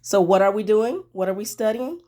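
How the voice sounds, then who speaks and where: A woman teacher reading a storybook aloud and then talking through it, expressive and pausing to think aloud. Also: medium pitch.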